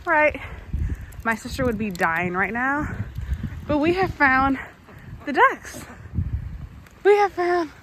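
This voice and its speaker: A woman's voice: high-pitched, expressive, slow, pauses often, pushed and bright, slight background noise. A young woman vlogging a child's nature walk outdoors in a park, chatty and upbeat with frequent laughter. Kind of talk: casual narration to viewers.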